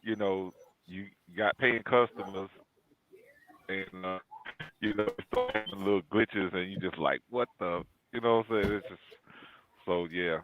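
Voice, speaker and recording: A man's voice: deep voice, normal speed, pauses often, faint music behind. A man in a casual chat as co-host, talking in a laid-back, easygoing way. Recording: dull lo-fi audio.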